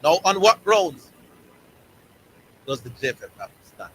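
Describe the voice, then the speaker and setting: A man's voice: on the high side, big pitch swings, a little slow, a little hiss or hum, low-quality recording. A man with a Jamaican accent hosting a sports talk show, giving emphatic opinions and repeating key words for stress.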